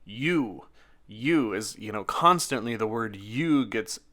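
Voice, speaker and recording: A man's voice: on the low side, animated, unhurried, sharp tone. A man who reads a psalm with emphatic stresses and then reflects on it, thinking aloud with fillers. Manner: emphatic, with strong stresses on key words. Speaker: scripture reader and commentator. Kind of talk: dramatic scripture reading then reflective commentary.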